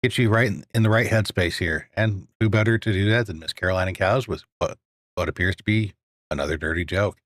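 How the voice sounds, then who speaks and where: A man's voice: sits low, a little fast, a bit bright, no room sound. A man hosting a live podcast stream, chatting casually and greeting viewers. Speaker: podcast host.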